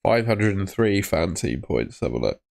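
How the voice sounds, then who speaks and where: A man with a notably low voice hosts a relaxed live stream. He chats in an upbeat, friendly way, answering viewers by name as he goes. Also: moderate pace, gravelly. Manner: chatty, upbeat, talks to chat viewers by name. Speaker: livestream host. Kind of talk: casual live stream chat.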